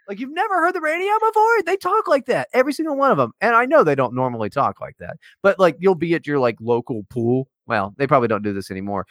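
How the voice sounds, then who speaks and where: Brief: male podcast co-host, mocking and profane, animated pitch, dry close sound. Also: dry recording. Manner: profane, teasing, rambling. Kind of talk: casual podcast banter.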